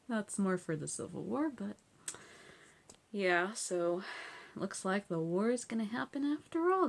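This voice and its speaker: A woman's voice: medium pitch, animated, slow, vocal fry, long pauses. A woman hosting a casual TV episode recap. She is chatty, says "like" and "so yeah" a lot, and laughs often between points.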